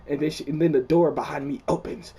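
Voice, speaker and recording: A young man casually telling the story of a dream, excitable, swearing often and restarting his sentences. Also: a little high, fast talker, gravelly, slightly rough. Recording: distant mic.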